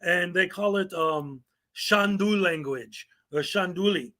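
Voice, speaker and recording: A man's voice: high voice, takes it slowly, sharp tone. A man hosting a commentary show, reading viewer comments aloud in a sarcastic, mocking way. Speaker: commentary channel host.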